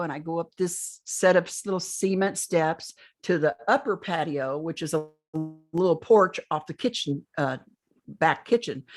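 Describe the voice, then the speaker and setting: Lowish-voiced older woman recounting an experience. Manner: rambling, repeats and restarts phrases. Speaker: interview guest. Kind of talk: first-person account of an experience.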